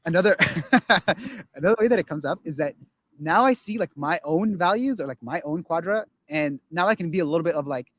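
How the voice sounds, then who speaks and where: A man's voice: fairly high pitch, expressive, brisk, a bit bright, no room sound. A man talking casually on a podcast, rambling with many restarts and acting out quotes of other people. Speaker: guest.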